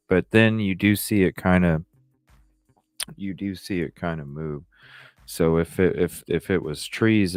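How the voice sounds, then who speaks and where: A man's voice: sits low, no echo. A man hosting a late-night podcast livestream, tired and yawning, talking casually with plenty of swearing as he reads and answers viewer comments. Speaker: podcast host.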